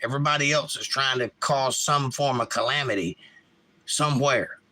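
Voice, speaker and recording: A man hosts a casual livestream, offering blunt opinions and reading viewers' chat messages aloud before talking back to them. His mid-range voice has a moderate pace and sounds pushed and bright.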